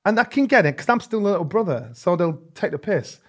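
A middle-aged man, a former boxer telling stories as a podcast guest, lively and swearing freely as he acts out what others said. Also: high voice, quick pace. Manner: animated, acts out quoted speech, swears freely. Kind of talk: conversational storytelling.

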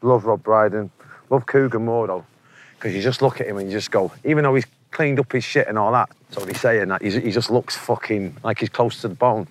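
A man's voice: lowish voice, brisk, a little hiss or hum. Mancunian musician in his forties, swearing and laughing through anecdotes, faint ambience behind. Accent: Manchester. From England. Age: 40s. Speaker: interview guest, musician. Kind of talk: casual storytelling interview.

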